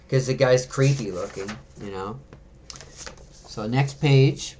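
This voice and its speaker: Guy casually reading a comic on his channel, chatty, lots of ums, mid-pitch voice. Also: a little slow, slight background noise. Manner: chatty, many fillers and restarts, chuckles. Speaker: comic book video host. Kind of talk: casual read-aloud comic review.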